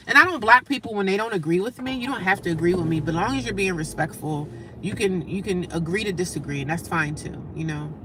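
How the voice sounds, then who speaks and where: A woman's voice: deep voice, a bit bright, a little hiss or hum, low-quality recording. A woman hosting a casual livestream, talking straight to her viewers, greeting them by name and often repeating herself as she goes. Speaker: livestream host.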